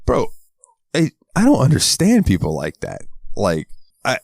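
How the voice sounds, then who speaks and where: Unhurried and medium-pitched, a podcast co-host from the American South tells stories with huge pitch swings in a creaky, darkish voice. In the casual chat he swears often and acts out quotes in a raised voice. The recording is dry, with clean studio sound.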